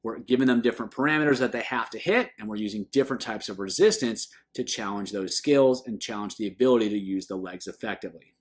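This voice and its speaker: A man's voice: fairly low pitch, fast talker, hardly any pauses. A man who is a swim coach, explaining training drills in an instructional video with an emphatic delivery that rises on each list item.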